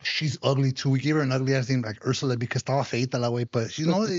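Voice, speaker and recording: A man's voice: mid-range voice, quick pace, highs cut off, a little hiss or hum. A man talking as a podcast guest in casual chat, full of street slang, dropping Spanish words and calling everyone "dog.". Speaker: podcast guest, business owner.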